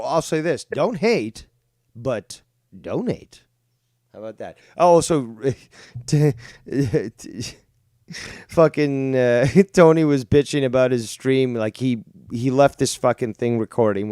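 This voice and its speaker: A man's voice: medium pitch, expressive, a little slow, dark tone, no room sound, studio quality. A man bantering as co-host, joking and crude, teasing his friend. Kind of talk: casual banter.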